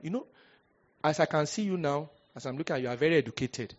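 A male pastor with a Nigerian accent preaching a storytelling sermon. He is animated and humorous, slips into pidgin and bursts out loudly at times. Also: fairly high pitch, fast, muffled recording. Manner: animated, humorous, breaks into pidgin, sudden loud outbursts.

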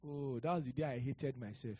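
A male pastor preaching a sermon, animated and acting out conversations, rising to loud declarations. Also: medium pitch, brisk, slightly rough, dull audio. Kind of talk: sermon with prophecy and storytelling.

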